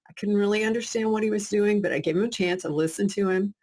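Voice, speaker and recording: A woman's voice: medium pitch, fast talker, a little mellow, breathy edge. Upbeat lady hosting a webinar over a call, cheering folks on. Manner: encouraging, upbeat, thanks chat participants. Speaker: webinar co-host. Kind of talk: casual webinar talk.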